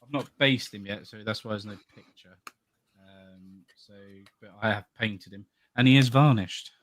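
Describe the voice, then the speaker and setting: A man's voice: lowish voice, normal speed, a bit bright. A man co-hosting a hobby podcast, chatting in an easygoing, mildly rambling way about his painting. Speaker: podcast co-host. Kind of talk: casual chat about miniature painting.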